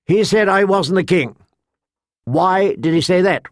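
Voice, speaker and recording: A cruel young king speaks with petulant, demanding haughtiness, pitched well up as a man voices him. His lines land louder and sharper than the surrounding narration, recorded close and dry. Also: lively intonation, a little slow, no echo. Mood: indignant.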